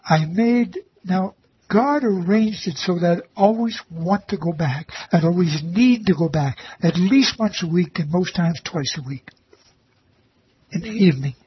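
This volunteer who read the Bible to elderly residents tells his faith story in a high, lively voice at a measured pace, with a breathy edge. Earnest and reverent, he frequently repeats phrases to stress them. Faint ambience sits under a slightly dull lo-fi recording.

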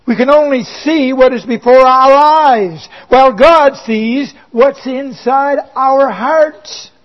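Male preacher, very high voice, slow deliberate delivery, emphatic with wry asides, muffled lo-fi recording. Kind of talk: sermon. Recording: dull lo-fi recording.

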